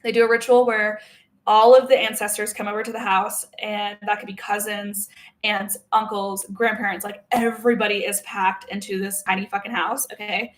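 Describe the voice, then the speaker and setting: With a medium pitch and a flat delivery at normal speed, a woman pours out an emotional, heavily profane monologue about herself as a spiritual self-help creator. She's blunt and emphatic, stringing loose run-on sentences full of "like" and "okay?".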